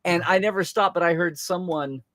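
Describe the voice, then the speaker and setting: A man's voice: sits high, brisk, a bit bright. An American man hosts a casual live-stream chat with a slightly raised voice. He rambles, restarts sentences and reads viewer comments aloud. The sound is close and dry, with no room echo. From United States. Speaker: host.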